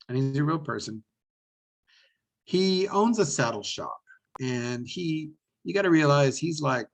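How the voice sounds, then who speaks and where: A man presenting a business webinar, animated and enthusiastic, often repeating words as he talks. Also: medium pitch, gravelly, poor audio.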